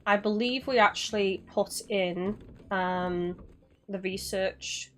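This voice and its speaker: A woman's voice: mid-range voice, slow, a bit bright. A woman chatting casually to her viewers while live-streaming a game, swearing now and then.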